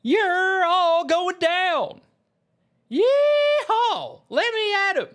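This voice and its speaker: A man voicing an intense young male warthog berserker in a put-on American Southern accent, loud and rowdy. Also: very high voice, huge pitch swings, slow, voice pushed up, heavily acted.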